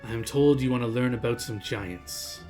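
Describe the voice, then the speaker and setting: A man voicing a cheerful, sly tiefling woman scholar in a tabletop game, with a theatrical, drawn-out delivery. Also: medium pitch, a little mellow, faint music behind, natural voice. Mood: sly, welcoming.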